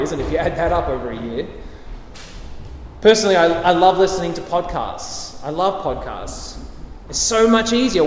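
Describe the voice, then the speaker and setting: A man's voice: on the high side, slight background noise. A man preaching a sermon, emphatic and repetitive, with light chuckles. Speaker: pastor. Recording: echoey hall with faint ambience.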